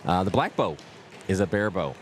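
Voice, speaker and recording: Man, lower voice, event co-host, jokey, explains gear, noisy venue audio. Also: very animated, normal speed. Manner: jokey, explains equipment, repeats himself. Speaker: co-host of an event live stream. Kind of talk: casual chat and event commentary. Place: at an archery competition venue.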